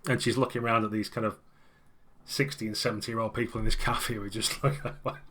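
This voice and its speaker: A man's voice: lowish voice, flat delivery, fast, sharp tone. A man running a tabletop game as game master, narrating scenes in a loose, chatty way.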